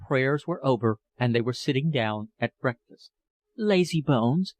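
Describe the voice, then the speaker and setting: A man reading a classic novel aloud as an audiobook narrator, with a measured, expressive delivery. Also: medium pitch, no room sound.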